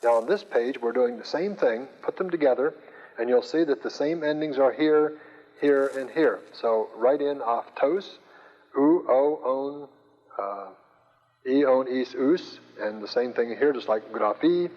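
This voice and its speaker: Man lecturing on Greek grammar, patient and halting, in a lo-fi recording with long reverb. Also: mid-range voice. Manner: slow, patient, hesitant with many fillers. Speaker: Greek teacher.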